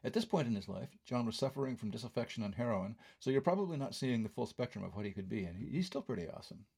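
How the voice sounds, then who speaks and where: A man's voice: medium pitch, animated, fast talker, creaky, a little mellow, breathy edge. An older man reading his own film review aloud, with wry, conversational asides.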